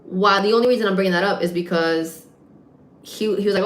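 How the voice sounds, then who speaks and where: Swearing, animated woman in an echoey room. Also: mid-range voice, normal speed. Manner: animated, swearing storyteller who acts out voices. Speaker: livestreamer and gym content creator. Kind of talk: casual livestream story time.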